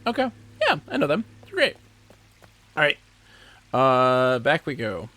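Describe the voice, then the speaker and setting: A man's voice: mid-range voice, wildly swooping pitch, slow, pushed and bright, no echo. A man commenting live on his gameplay, thinking aloud and chatting with a fellow player. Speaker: game streamer.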